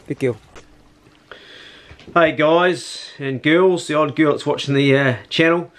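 A man's voice: fairly high pitch, slow. A man, chatting casually and slangily in his hunting vlog, first out on a farm and then indoors. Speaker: hunting vlogger.

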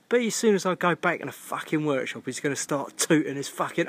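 A man in a comic rant, swearing constantly and swinging between shouting and muttering. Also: on the high side, lively intonation, fast talker, hardly any pauses, dry recording.

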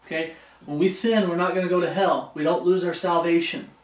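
High-voiced preacher in an echoey room. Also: male voice, steady tone, brisk, far from the mic. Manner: reads scripture aloud, keeps checking in with "Okay?". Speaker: pastor. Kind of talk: expository Bible sermon.

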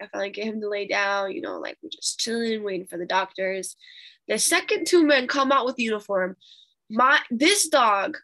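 A woman leading a morning Bible study, telling a story in an animated, emphatic sermon style and speaking straight to her listeners. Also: on the high side, gravelly. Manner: animated, emphatic, addresses audience directly.

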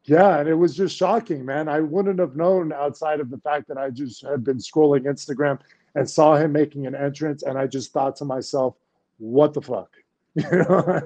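Mellow chatty man telling a story. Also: on the high side, fairly even intonation, moderate pace, dull audio. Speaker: wrestler guest. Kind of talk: casual interview talk.

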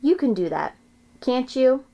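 A woman's voice: sits high, very animated, a little slow, creaky, dark tone, pitched above the performer's own voice, exaggerated voice. A woman voicing a cheerful father in a storybook who encourages his daughter. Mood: encouraging.

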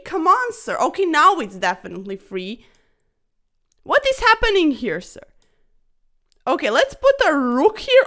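A woman chess streamer giving casual, excitable commentary over fast games, chatty and a little breathless, tacking "sir" onto her sentences. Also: high voice. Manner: excitable, chatty, keeps saying "sir", laughs often.

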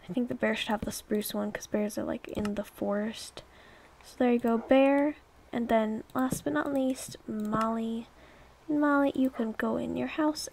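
Speaking in a slightly high, slightly mellow voice, a young let's play YouTuber rambles through her gameplay commentary while exclaiming and coaxing her pets along.

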